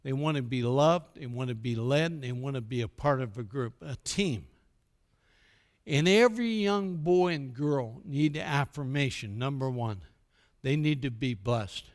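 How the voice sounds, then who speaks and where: A man's voice: medium pitch, unhurried. An older American man speaking at a church, telling stories and acting out the quoted dialogue before turning to a sermon-like message. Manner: animated storyteller who acts out quoted dialogue. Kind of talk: storytelling speech with a sermon tone.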